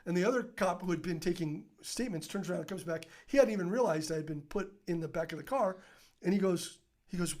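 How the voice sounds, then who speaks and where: A man with a notably high speaking voice spins a rambling, animated story as a podcast guest. He acts out everyone's lines himself, drops in fillers and the occasional swear word, and keeps it conversational. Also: fast. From United States. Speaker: podcast guest, business owner.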